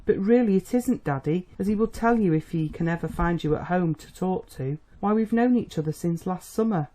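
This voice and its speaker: A storybook reader puts on a spirited young woman in a period novel. She coaxes her father sweetly, with a teasing lilt. The voice sits higher and stays mellow. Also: a little fast, lightly acted. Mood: coaxing.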